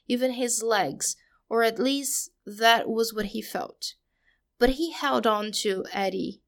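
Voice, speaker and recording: A woman giving a dramatic reading of fan fiction, with measured, somber storytelling and emotional emphasis. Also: fairly high pitch. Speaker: story reader.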